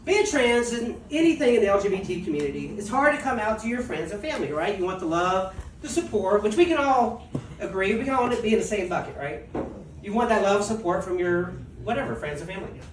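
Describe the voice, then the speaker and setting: A woman's voice: mid-range voice, lively intonation, a little fast, slight background noise. Woman, stand-up comedian, self-mocking, laughs at own jokes, echoey club, distant mic. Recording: echoey club recorded from afar.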